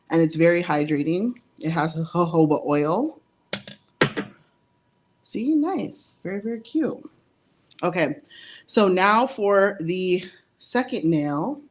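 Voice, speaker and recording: Low-voiced, chatty woman nail artist. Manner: chatty and giggly, full of "like" and "um". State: slightly out of breath. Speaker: nail artist giving a live demo. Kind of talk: casual live-stream tutorial. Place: indoor studio under hot lights.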